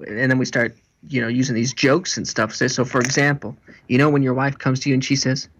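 A pastor and marriage seminar speaker, an animated storyteller who acts out the people he quotes. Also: mid-range voice, a little fast, dull audio, slight background noise. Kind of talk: interview guest.

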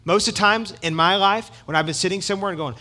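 A man's voice: sits high, quick pace, sharp tone. A middle-aged man preaching a sermon in an emphatic, conversational way, with asides to the congregation. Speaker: pastor.

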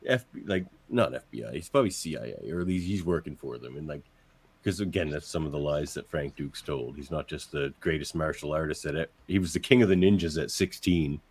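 A man's voice: rumbling low, brisk, a little mellow, slightly rough. A man co-hosting a movie podcast, chatting with wry, laughing asides. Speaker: podcast co-host. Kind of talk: casual movie review chat.

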